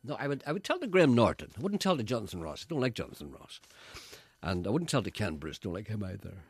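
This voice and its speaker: A man's voice: fairly low pitch, big pitch swings, quick pace, slightly rough, no room sound. A man hosting a radio show, teasing his co-host with wry, mock-grand comic banter.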